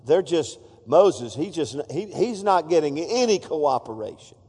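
A pastor preaches to his congregation in a church sanctuary, playful and feisty, pausing often to joke with the room. His voice is a little high, warm and husky, unhurried with big pitch swings, and the church hall leaves a long reverb.

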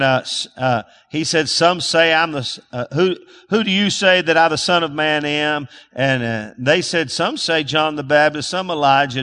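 A high, bright-toned male pastor delivers a sermon, often asking the congregation to repeat words back to him. His speech is loose, with restarts and fillers. His voice rings with a long hall reverb. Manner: calls for audience responses, restarts and fillers.

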